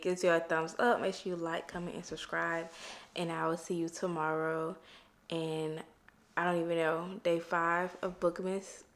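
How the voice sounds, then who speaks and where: A young woman talks through her reading in a casual vlog. Her voice sits a little low. She sounds exasperated and expressive, trailing off and restarting her sentences. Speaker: book vlogger.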